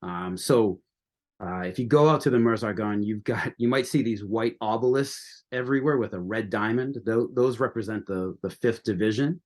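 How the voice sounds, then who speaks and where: A man's voice: lowish voice, normal speed, a little mellow. A man from the United States talking casually as a podcast guest, rambling with many restarts. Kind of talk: casual conversation.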